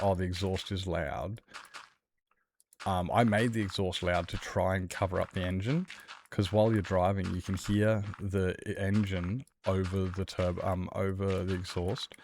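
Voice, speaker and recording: A man's voice: sits low, slight background noise. A man streaming a game and ranting heatedly about car mechanics, swearing often. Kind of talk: casual rant while gaming.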